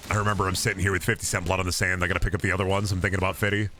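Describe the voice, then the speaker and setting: A hoarse man streaming a game, chatting casually in a rambling, profane way that keeps restarting. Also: low voice, little pitch movement, racing, sharp tone, faint music behind. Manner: rambling, profane, self-interrupting. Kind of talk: casual gameplay chat.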